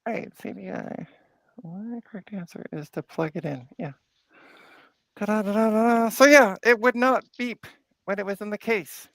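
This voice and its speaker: A woman's voice: medium pitch, normal speed, gravelly, no room sound. A woman hosting a casual live stream from her home workbench, chatting playfully as she narrates her tinkering. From Canada. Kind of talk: casual live-stream chat while working.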